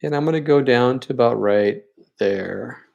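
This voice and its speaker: A man's voice: medium pitch, moderate pace, vocal fry, darkish tone, dull audio. Chatty man teaching a painting class. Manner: chatty and encouraging, talks while working; openly sentimental about his students. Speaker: art teacher leading a paint night. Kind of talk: live-streamed painting lesson.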